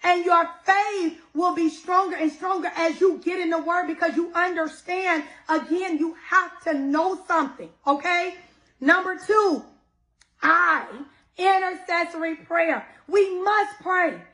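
A woman giving a casual, animated devotional sermon, talking straight to her listeners with many asides. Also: extremely high pitch, unhurried. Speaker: preacher.

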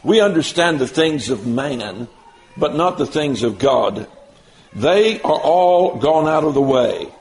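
A man preaching a sermon, stressing key words slowly and mixing in folksy everyday examples. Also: medium pitch, animated, a little mellow, slight background noise, rough recording.

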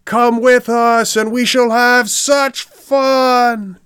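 A man voicing a chorus of young boys coaxing a friend to come along, high and sing-song. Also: fairly even intonation, very slow, a bit bright, clean tone, dry recording, clean studio sound, full character voice.

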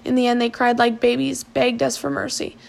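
A woman with a naturally high, slightly gravelly voice performs a stern, bitter old island chief, fully in character. She speaks gravely and in a measured, somewhat hushed monotone.

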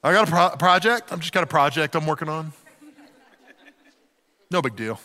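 A man's voice: a little high, lively intonation, normal speed, sharp tone, big-room sound. A pastor voicing a nervous, stammering man who evasively explains his huge boat to a neighbor. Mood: sheepish. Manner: hesitant, stumbling, evasive.

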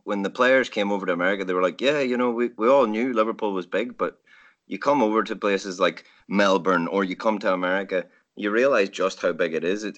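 A man's voice: sits low, a bit bright, lo-fi sound. A man chatting casually about memories, in a chatty, incredulous way. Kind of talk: casual chat.

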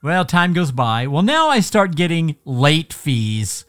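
A man's voice: a little high, very animated, slow pace, fairly bright tone, clear, resonant tone. Sarcastic ranting podcast host man. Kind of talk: casual podcast monologue.

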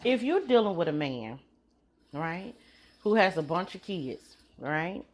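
Middle-aged woman host, chatty monologue, lowish voice. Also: big pitch swings, measured pace, a little hiss or hum. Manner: chatty, addresses listeners as y'all. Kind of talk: casual monologue.

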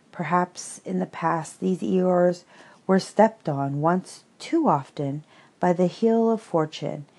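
A woman narrating an audiobook of reflective prose in a calm, wry, measured way. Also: low-pitched, breathy edge.

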